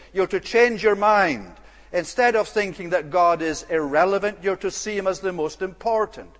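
A man preaching a sermon in a measured, earnest way, stacking repeated phrases for emphasis and pausing on small "eh" fillers. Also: high voice. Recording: long hall reverb.

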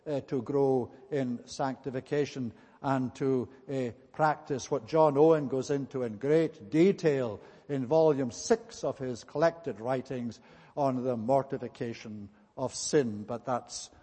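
A man's voice: mid-range voice, measured pace, dark tone. A man preaching a sermon in an earnest way, repeating his key points for emphasis. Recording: long hall reverb.

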